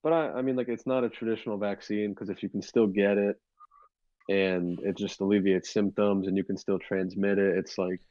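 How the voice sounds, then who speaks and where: Low-voiced man in his twenties, rambling. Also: fairly even intonation, brisk, mellow, dry recording, muffled recording. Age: 20s. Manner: rambling, many fillers and restarts. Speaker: podcast co-host. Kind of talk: casual chat.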